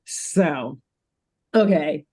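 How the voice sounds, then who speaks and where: A woman's voice: low voice, expressive, very slow, mellow, slightly rough. A young adult woman co-hosting a podcast in casual chat, talking chattily with lots of fillers and frequent laughs. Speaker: podcast co-host.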